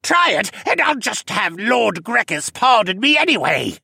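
A man's voice: wildly swooping pitch, takes it slowly, gravelly, bright, forceful tone, husky, no room sound, clean studio sound, exaggerated voice. A man voicing a cruel, sly, snake-like male courtier who sneers and hisses. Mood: mocking. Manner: high, sneering, hissing.

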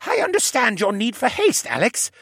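A man voicing a formal, cautious old male koala archivist who speaks in a precise, placating way in a raised, husky voice. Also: very high-pitched, huge pitch swings, moderate pace, a bit bright, dry recording, clean studio sound, voice pushed up, exaggerated voice. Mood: urgent.

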